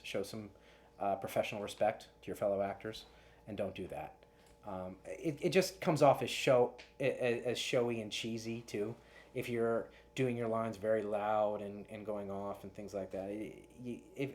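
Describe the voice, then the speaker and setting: A man's voice: mid-range voice, darkish tone. A man who works as a casting director, giving earnest audition advice to actors. He often restarts and repeats words as he talks.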